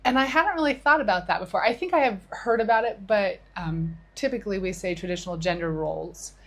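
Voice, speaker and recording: A middle-aged woman co-hosts a podcast in a mid-range voice at a fairly quick pace. In casual chat she retells a conversation with a friend, restarting a few times.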